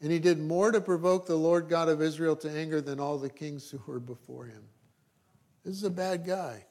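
A man's voice: a little high, moderate pace, darkish tone. A middle-aged male pastor preaching a sermon, reading scripture and adding dry joking asides.

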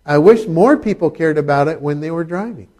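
A man's voice: on the high side, brisk, a little mellow. A middle-aged man preaching a sermon, talking in a conversational way with humorous asides. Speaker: pastor.

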